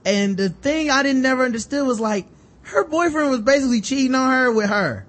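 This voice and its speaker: A man co-hosting a casual talk show, animated and profane, acting out characters as he rants. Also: extremely high pitch, a little fast. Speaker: podcast co-host. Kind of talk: casual chat.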